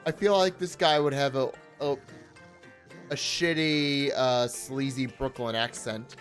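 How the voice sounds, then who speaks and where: Brief: woman streaming a game, wry and offhand, low-pitched and unhurried, game music behind. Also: fairly even intonation. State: tired throat. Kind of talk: casual let's play commentary.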